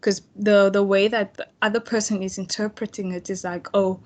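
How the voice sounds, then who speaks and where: A woman's voice: mid-range voice, flat delivery, fairly quick. Casual young woman tutoring online. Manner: casual, chatty, many fillers and restarts. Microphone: computer mic on video call.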